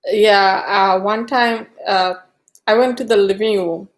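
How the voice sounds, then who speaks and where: In a steady, unhurried voice, a woman rambles through a filler-heavy story while chatting casually on a live stream. At times she switches to high, cooing baby talk for her dog.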